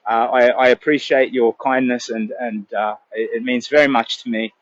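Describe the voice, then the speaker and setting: A man's voice: mid-range voice, fairly even intonation, moderate pace, few pauses, no room sound. An older Australian man vlogging outdoors in a city on a phone camera, talking in a rambling, emotional way, with hesitant restarts. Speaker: charity walker vlogger. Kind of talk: casual live-stream chat. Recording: dull lo-fi phone sound.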